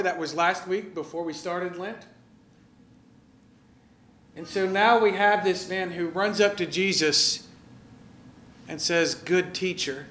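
A man preaching a sermon in a lively, conversational way, asking his listeners questions and directing slides. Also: high voice, roomy sound. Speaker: pastor.

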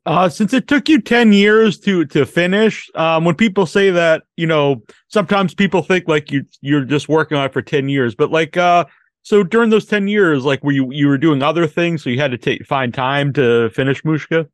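A man's voice: fairly high pitch, normal speed, dry recording, studio quality. Hesitant man asking rambling questions. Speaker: podcast co-host. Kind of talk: casual interview questions.

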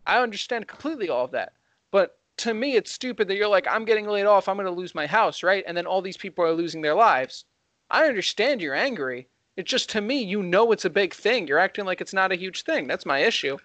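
A young man co-hosting a heated casual debate, talking fast and getting excited as he argues. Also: high voice, dry recording. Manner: fast, excitable, rising when worked up. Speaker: co-host.

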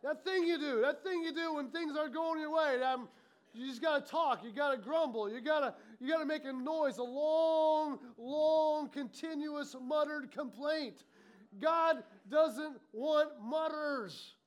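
A man preaching a sermon, animated and playful, acting out muttered complaints from his congregation. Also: very high voice, measured pace. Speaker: pastor.

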